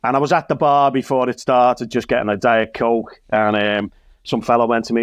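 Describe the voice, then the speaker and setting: A man's voice: mid-range voice, fairly quick, dry recording. Liverpool-accented man telling a story. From Liverpool, England. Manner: lively storyteller, acts out dialogue. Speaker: guest comedian and minister. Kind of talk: casual anecdote.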